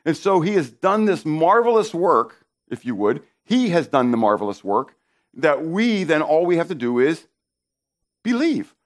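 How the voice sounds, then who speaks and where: A man's voice: on the high side, big pitch swings, unhurried. A man preaching a sermon, stressing key words by repeating them and speaking directly to his listeners.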